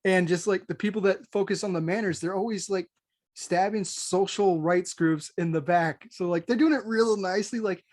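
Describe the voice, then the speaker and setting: American guy on a podcast, highish voice, cusses a lot, just rambling. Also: moderate pace, darkish tone. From United States. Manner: blunt and profane, laughs often. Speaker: podcast co-host. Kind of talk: casual chat.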